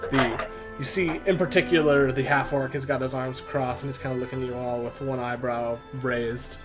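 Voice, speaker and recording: A man's voice: mid-range voice, fairly even intonation, normal speed. A man narrating as dungeon master for a tabletop game, casual and full of fillers. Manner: casual, many fillers, self-interrupting. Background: background music.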